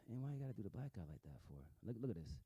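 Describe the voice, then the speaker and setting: A man's voice: fairly low pitch, sing-song, quick pace, mellow, a little hiss or hum. A man commenting casually on video clips, rambling, swearing, and repeating words as he goes. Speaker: vlogger.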